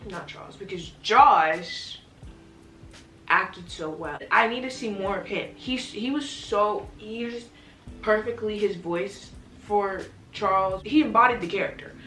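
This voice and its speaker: A young woman chatting excitedly as she reviews a TV series, in a gushing, rambling way. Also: medium pitch, unhurried. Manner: gushing, chatty, restarts often. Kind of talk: casual chat. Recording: echoey room from a distance, music behind.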